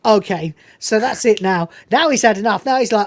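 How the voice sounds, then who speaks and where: A woman hosts a podcast, chatting casually and enthusiastically about a film while swearing freely and laughing often. Her voice is medium-pitched at a normal speed with few pauses, and the recording is dry.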